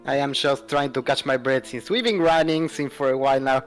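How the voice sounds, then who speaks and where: A polite, measured man speaking in character as a player at a tabletop game. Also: mid-range voice, steady tone, faint music behind.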